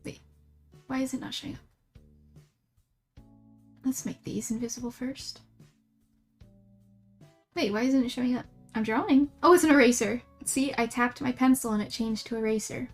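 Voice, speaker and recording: A woman's voice: a little high, moderate pace, long pauses, faint music behind. Giggly young woman rambling while drawing. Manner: rambling, giggly, self-mocking. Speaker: streamer. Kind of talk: casual livestream chat while drawing.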